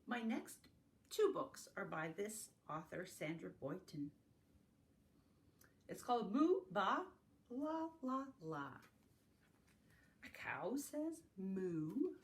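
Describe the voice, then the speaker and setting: A woman reading farm-animal picture books aloud to young children in a slow, sing-song storytime manner, adding animal sounds along the way. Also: medium pitch, sing-song. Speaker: family literacy facilitator. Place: home, recorded for an online circle.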